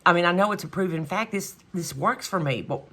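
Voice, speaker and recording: Bright-voiced woman venting in a casual vlog. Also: lowish voice, lively intonation, brisk. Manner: chatty and exasperated, trailing off with "whatever". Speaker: vlogger. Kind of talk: casual chat.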